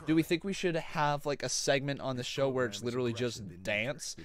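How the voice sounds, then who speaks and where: Excitable man hosting a live stream. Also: mid-range voice, a little fast. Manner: excitable, bursts into shouting at big moments; chatty, talks to viewers, fillers like "like" and "uh". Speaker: live-stream host reacting to wrestling. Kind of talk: live-stream play-by-play commentary and chat.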